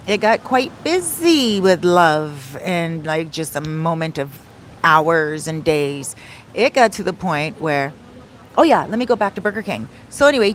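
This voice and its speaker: A woman's voice: lowish voice, a little hiss or hum. A woman vlogging into her phone in a casual, rambling way, telling a story with frequent laughs and digressions. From Canada. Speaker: travel vlogger and soul coach. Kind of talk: casual chatty vlog storytelling.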